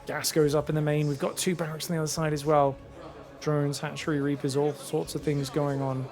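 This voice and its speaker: A man commentating a strategy game solo, quick excitable play-by-play with casual asides to his viewers. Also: on the high side, soft background music. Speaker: esports caster.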